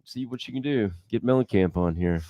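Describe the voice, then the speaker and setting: A man co-hosting the show, asking relaxed follow-up questions and steering the conversation. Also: lowish voice, brisk, no echo. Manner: relaxed, easygoing questioner who laughs along. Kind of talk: casual interview chat.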